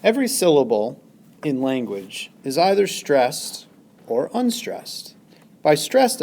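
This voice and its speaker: A male teacher giving a recorded lesson, speaking deliberately and exaggerating stressed syllables. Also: medium pitch, darkish tone. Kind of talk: recorded classroom lesson narration.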